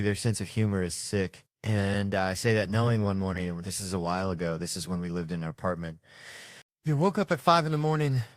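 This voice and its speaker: Male stand-up comic with a lowish voice, profane and rambling delivery, dry sound. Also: no echo. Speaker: stand-up comedian. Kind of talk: stand-up set.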